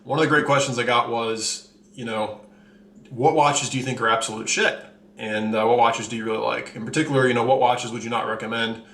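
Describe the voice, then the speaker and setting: A man's voice: mid-range voice, fairly even intonation, fairly quick, fairly bright tone. Blunt, slightly breathless man vlogging. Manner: candid, blunt, rambling with fillers. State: a little out of breath. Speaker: channel host reviewing watches. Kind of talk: casual vlog talk to camera. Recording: echoey room, faint ambience.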